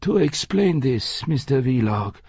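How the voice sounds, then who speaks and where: Man playing grave earnest old nazi hunter, slow, husky, dry muffled recording. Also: mid-range voice, very animated, darkish tone, dry recording, heavily acted.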